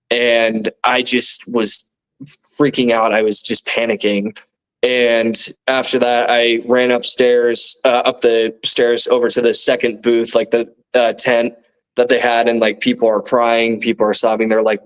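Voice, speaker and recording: Halting young man retelling events. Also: medium pitch, little pitch movement, a bit bright, poor audio. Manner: halting, many fillers and restarts, vivid retelling. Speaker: guest eyewitness. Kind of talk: casual interview recounting events.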